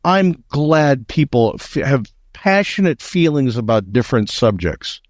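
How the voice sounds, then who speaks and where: A man's voice: mid-range voice, lively intonation, measured pace, no echo, studio quality. An American man hosting political talk radio, emphatic and indignant, often repeating words as he builds a point. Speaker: radio talk show host.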